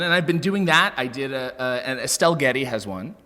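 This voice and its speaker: A Canadian man, a professional wrestler, joking through an interview with mock-serious, deadpan wit. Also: mid-range voice, brisk. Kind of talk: comedic interview banter. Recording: roomy reverb.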